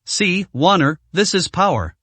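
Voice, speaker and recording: A man's voice: sits high, lively intonation, a little slow, a bit bright, slightly rough, no room sound, pitched above the performer's own voice, full character voice. A man reading the lines of a stern, proud, powerful aristocratic mother in a storybook, with a cold, commanding manner. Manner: cold commanding, evenly read.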